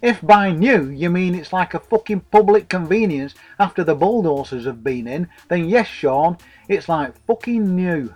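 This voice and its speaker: A man's voice: high voice, animated, moderate pace, few pauses, a little mellow, lo-fi sound, soft background music. A man voicing a sarcastic young man with a dry, mocking wit.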